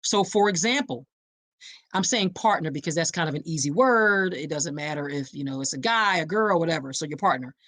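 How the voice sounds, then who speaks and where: A woman hosting an awareness podcast. She preaches straight to her listeners, calls them y'all, and lands her points with punchy emphasis and dramatic pauses. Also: deep voice, lively intonation, fairly bright tone, no room sound. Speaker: podcast host.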